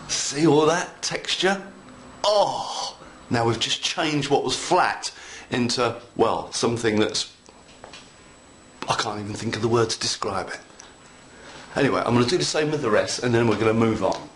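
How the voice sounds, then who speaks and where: Man, casual craft tutorial, playful and excitable, roomy echo, faint background hiss. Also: mid-range voice. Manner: chatty, playful and enthusiastic, talks to viewers while working. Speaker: model railroad hobby instructor. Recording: echoey room with faint noise.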